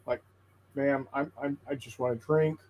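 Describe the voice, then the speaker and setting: A man on a tabletop gaming stream telling a long joke in casual chat, halting and repeating his words as he goes. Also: mid-range voice, fairly even intonation, a little mellow, low-quality recording. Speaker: co-host of a tabletop painting stream.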